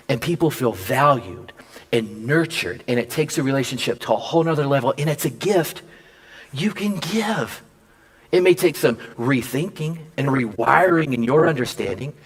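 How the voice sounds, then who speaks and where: A male pastor preaching at a mid-range pitch, telling a story from his own life. He acts out each quoted line and his voice jumps high when he is surprised. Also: animated, moderate pace. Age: adult father. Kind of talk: sermon with personal storytelling.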